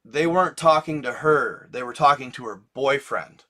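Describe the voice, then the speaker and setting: A man's voice: medium pitch, moderate pace, sharp tone. A young man hosting his channel, rambling casually in profane slang full of restarts. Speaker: channel host.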